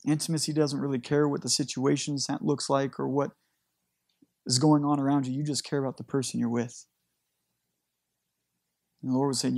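A man with an American accent, a pastor giving an earnest, emotional sermon and closing by reading scripture slowly and deliberately. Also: medium pitch, level tone, creaky, no room sound, clean studio sound.

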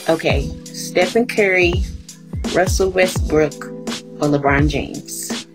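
A woman hosts an easygoing interview, talking in loose slang and laughing often. Her voice sits a little low. Music plays clearly behind her. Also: slow pace, rough recording. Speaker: interview host. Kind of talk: casual interview chat.

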